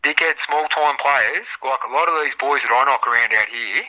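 A man's voice: mid-range voice, normal speed, bright, forceful tone, dull audio. A middle-aged Australian man chatting as a guest, swearing freely and telling rambling stories. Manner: swears freely, rambling storyteller who acts out other people's voices. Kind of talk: casual chat.

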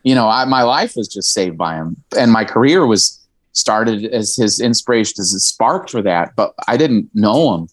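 A man's voice: on the low side, lively intonation, normal speed, dry recording. A man from Indiana, talking as a musician guest in a frank, emotional and sometimes profane way, with laughing asides. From Indiana, USA. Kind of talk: candid conversational storytelling.

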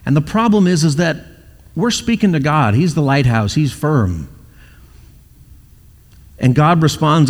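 A man's voice: fairly high pitch, expressive, measured pace, pauses often. Man preaching in a reverberant church hall. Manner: storytelling, acting out quoted voices. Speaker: pastor. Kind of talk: sermon.

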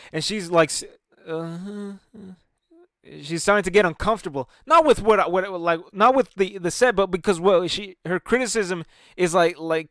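A man's voice: high-pitched, a bit bright, dry recording, clean studio sound. A man ranting casually to camera at home, heated and profane, rambling with many restarts about his stand-up comedy.

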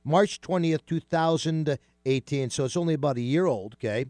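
A man hosting a casual radio talk show, chatty and animated, with many fillers and restarts. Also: on the high side, moderate pace, dry recording, clean studio sound.

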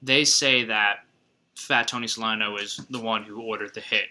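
A man's voice: fairly low pitch, normal speed. A man co-hosting a podcast, chatting casually and animatedly about a film and acting out its lines. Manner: animated, acts out movie lines in put-on voices. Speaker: podcast co-host. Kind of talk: casual chat.

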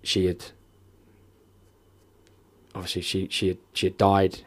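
A man telling a painful personal story in an interview, emotional and near tears, halting and swearing often. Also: low-pitched, monotone. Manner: candid, heavy swearing, halting restarts. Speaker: podcast guest.

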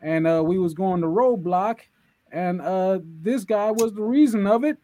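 A man co-hosting a casual wrestling podcast, animated and joking as he recaps the show. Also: high voice, moderate pace. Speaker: podcast co-host.

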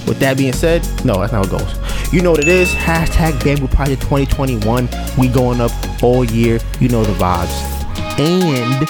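A man's voice: mid-range voice, lively intonation, moderate pace, over music. A man hosting a podcast in casual chat, ranting and sarcastic, often repeating himself. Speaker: podcast host.

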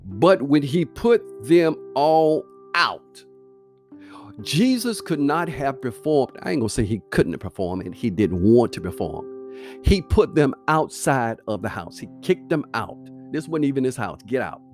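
A man's voice: medium pitch, very animated, moderate pace, darkish tone, soft background music. A man preaching a sermon in a conversational, emphatic way, shifting between reading scripture and speaking directly to listeners.

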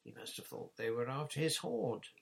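A man voicing an eager, imaginative little girl who plays at being a sailor, in a high excited voice. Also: moderate pace, creaky, husky, exaggerated voice.

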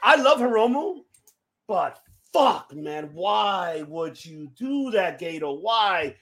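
A man co-hosting a casual wrestling podcast, profane and excitable. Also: high voice, slow pace. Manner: profane, excitable, shouts in frustration. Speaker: podcast co-host.

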